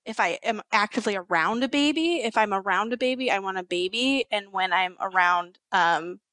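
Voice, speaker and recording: A woman guest-hosting a podcast in casual chat, giggly and animated as she tells stories. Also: medium pitch, normal speed, dry recording. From Chicago area. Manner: giggly, chatty, animated storytelling. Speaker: guest co-host.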